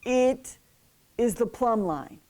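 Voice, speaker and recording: A woman co-teaching a class, earnest and a little halting as she explains word meanings at a board. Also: a little high, animated, mellow. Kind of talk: explaining at a whiteboard.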